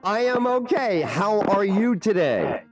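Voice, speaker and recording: A man's voice: sits high, sing-song, takes it slowly, music in the background. A man hosting a radio talk show, sparring with a caller in a sarcastic, combative and profane way. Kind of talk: on-air exchange with a prank caller.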